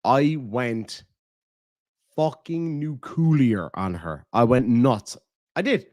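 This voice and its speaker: Irish male streamer, blunt and profane, mid-pitched, dry close sound, casual donation-reading chat. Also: takes it slowly, no echo. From Ireland. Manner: blunt and profane, animated swings in loudness. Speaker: livestream host.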